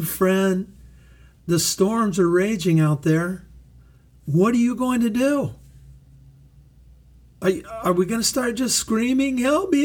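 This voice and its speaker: A middle-aged man preaching a sermon as pastor, slow and emphatic, repeating phrases for weight. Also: high-pitched, darkish tone.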